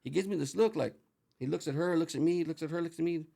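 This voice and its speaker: A middle-aged man telling a profane, animated story as an interview guest, slipping into Spanish phrases as he acts out the dialogue. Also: a little high, fast, creaky. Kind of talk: casual storytelling.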